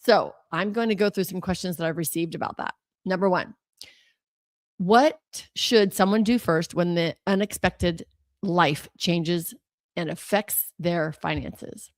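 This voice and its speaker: Woman, middle-aged, financial coach, chatty and candid, gravelly, dry close sound. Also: fairly low pitch, measured pace, dry recording. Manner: chatty and candid, leads listeners through breathing. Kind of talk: casual advice talk to camera.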